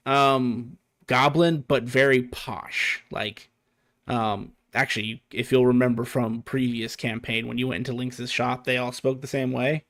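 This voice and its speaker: A man's voice: mid-range voice, fairly even intonation, a little slow. A man running a tabletop game as game master, describing the scene while thinking aloud, with frequent fillers and restarts.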